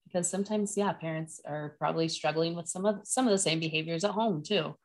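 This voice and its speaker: A woman with a noticeably low speaking voice, chatting casually as a podcast co-host. She is in her thirties, uses plenty of fillers, and gets animated when she retells moments from home. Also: fast talker. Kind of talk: casual chat.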